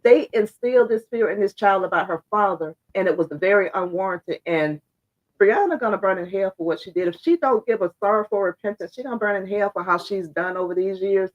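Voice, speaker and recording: Hoarse, blunt woman commentator, lo-fi sound. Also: mid-range voice, brisk. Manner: blunt, fired-up, talks straight to viewers. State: hoarse and congested. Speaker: social media commentator. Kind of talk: casual opinion commentary.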